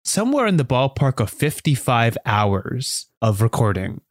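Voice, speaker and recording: A male podcast co-host telling stories in a lively voice that swoops up and down, slipping into character voices along the way. The studio sound is dry and close. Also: mid-range voice, moderate pace, no room sound. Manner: animated storyteller, slides into voices often. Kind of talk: casual chat.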